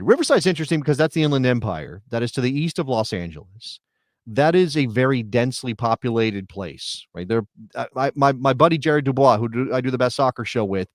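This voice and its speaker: Middle aged guy rambling thru soccer talk, asks himself questions, dry mic, mid pitch. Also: no room sound. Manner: discursive, rhetorical questions. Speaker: soccer podcast co-host. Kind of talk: casual chat.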